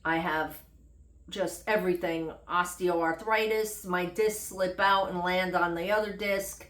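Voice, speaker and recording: A woman's voice: lowish voice, steady tone, a little slow, fairly bright tone. A middle-aged woman vlogging a casual, unedited health update in a rambling, chatty way with self-deprecating humor. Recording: echoey room.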